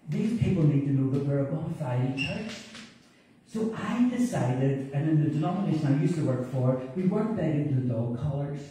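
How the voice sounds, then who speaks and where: A middle-aged man with a Northern Irish accent, a pastor telling humorous family stories in a sermon. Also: on the high side. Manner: warm anecdotal, humorous asides. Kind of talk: storytelling sermon. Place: church hall. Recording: echoey church from far off, faint noise.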